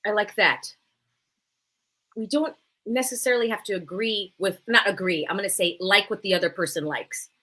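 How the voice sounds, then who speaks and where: A woman's voice: medium pitch, normal speed. A woman hosting a live podcast conversation, affirming her guests and asking them questions. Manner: lively, affirming, asks questions. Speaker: podcast host.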